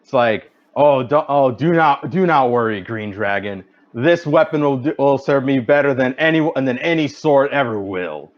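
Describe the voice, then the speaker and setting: A man's voice: mid-range voice, lively intonation, unhurried. Brash human brawler, boastful and overconfident, a man voicing him, lo-fi recording. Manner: forced, boastful confidence. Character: brash human man with chair-leg weapons.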